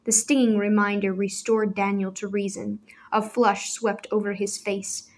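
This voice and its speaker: A woman reading a novel aloud in measured, scripted storytelling narration. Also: mid-range voice, level tone. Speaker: audiobook narrator.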